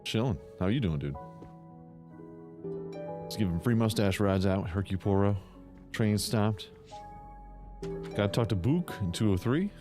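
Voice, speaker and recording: A man's voice: fairly low pitch, expressive, measured pace, long pauses, music in the background. A man streaming a game, joking irreverently as he plays. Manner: jokey and irreverent. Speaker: gaming streamer. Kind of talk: casual game commentary.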